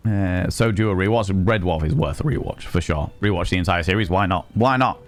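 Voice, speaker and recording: A man, a streamer and sex educator, chatting casually and telling animated, wry stories while swearing freely. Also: deep voice, fairly quick. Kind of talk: casual live-stream chat.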